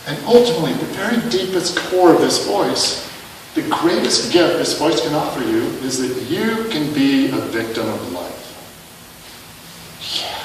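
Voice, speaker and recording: A man's voice: on the high side, very animated, a little slow, a little hiss or hum. A male minister giving a sermon in a conversational, self-mocking way, asking rhetorical questions. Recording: echoey hall, mic at a distance.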